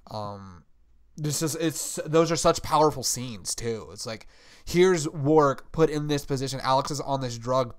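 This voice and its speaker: A man's voice: medium pitch, smooth. A man co-hosting a casual podcast about anime, talking with enthusiasm, swearing freely and acting out lines he quotes. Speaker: podcast co-host.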